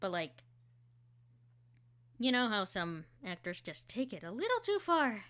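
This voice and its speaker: A woman's voice: medium pitch, big pitch swings, a little slow, a bit bright. A woman voice actor streaming, chatting casually and explaining how she works, with lots of fillers.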